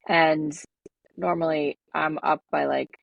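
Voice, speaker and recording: Woman podcast host, low voice, chatty and loose, dry close sound. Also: slow, vocal fry, no echo, dull audio. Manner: relaxed, rambling with many fillers. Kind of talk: casual podcast chat.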